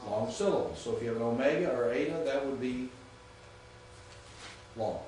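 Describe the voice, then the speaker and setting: A man's voice: medium pitch, normal speed, a little mellow, distant mic, a little hiss or hum. A man teaching a classroom lecture, patient and often checking that students understand. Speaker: Greek teacher. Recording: echoey room recorded from afar.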